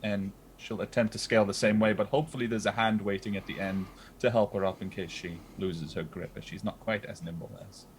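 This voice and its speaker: A British man playing a tabletop game, calm and soft-spoken, with some hesitation. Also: on the low side, fairly quick, slight background noise. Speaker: player.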